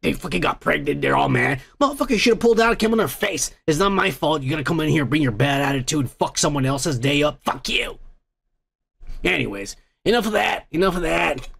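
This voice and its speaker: A man's voice: on the high side, animated, fast, gravelly, hardly any pauses, a bit bright, slightly rough. A man hosting a podcast, reading viewer comments aloud in casual, rambling, profane chat. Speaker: podcast host.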